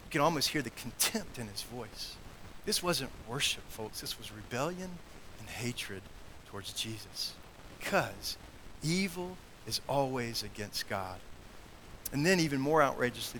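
A man preaching a sermon in an earnest manner, growing loud on key points and dropping to quiet asides. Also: mid-range voice, animated, a little slow, a little hiss or hum, low-quality recording. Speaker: pastor.

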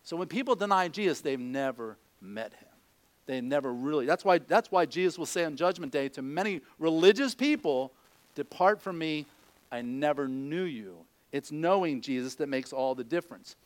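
A male preacher delivers a lively sermon in a fairly high voice. He slips into the voices of doubters and disciples to make his points. The sound is close and dry, with no room echo. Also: fairly quick. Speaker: pastor.

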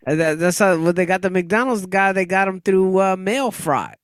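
A man's voice: high-pitched, moderate pace, clean tone, no echo, clean studio sound. A man in casual chat who chimes in with short reactions and jokes.

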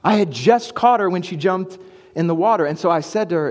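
A man in his thirties, a pastor preaching a sermon and telling a family story, moving from hushed to excited. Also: sits high, brisk. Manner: storytelling, swings from hushed to hyped. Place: church sanctuary. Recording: long church hall reverb.

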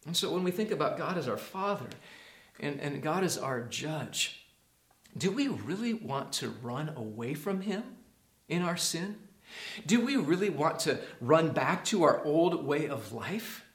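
A man preaching a sermon as a pastor, earnest, dropping to a hush and rising to emphasis. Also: a little high, big pitch swings, unhurried, echoey room. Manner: earnest, swings from hushed to emphatic.

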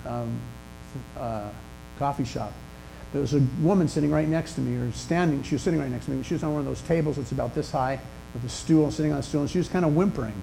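An older man preaching a sermon in a church, telling stories in a conversational way with pauses and restarts. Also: a little high, gravelly, mellow, slight background noise, poor audio. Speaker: pastor. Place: church sanctuary.

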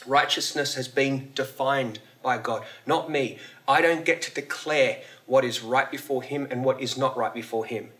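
A man's voice: medium pitch, fairly even intonation, normal speed, fairly bright tone. A male pastor giving a casual, conversational sermon at a church service. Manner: casual, conversational preaching with fillers.

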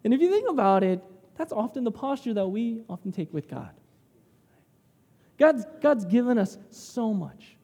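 A man's voice: very high-pitched, very animated, moderate pace, vocal fry, warm tone, husky, big-room sound. A man preaching a sermon in a conversational way, telling personal stories and tagging lines with "right?".

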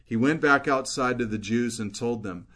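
A man's voice: mid-range voice, normal speed, fairly bright tone. A man preaching an expository sermon as a pastor, earnestly explaining scripture verse by verse.

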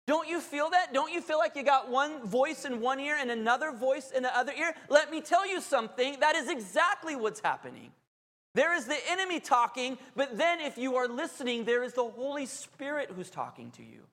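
Pastor, male, high-pitched voice, preaching with emphatic, chatty asides, long hall reverb. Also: very animated, a little fast, fairly bright tone. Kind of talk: sermon.

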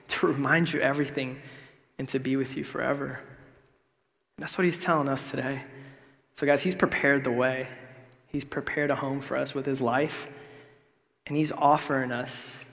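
A young man preaching a sermon in a laid-back, conversational way, sometimes dropping to a hush for emphasis. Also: mid-range voice. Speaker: pastor. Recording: long hall reverb.

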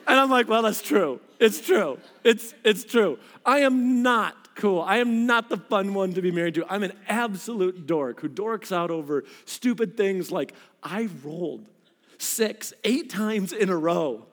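A man in his thirties preaching a sermon to a congregation, telling a story with animated energy and his voice leaping up when he gets excited. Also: sits high, unhurried. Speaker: pastor. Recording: reverberant hall.

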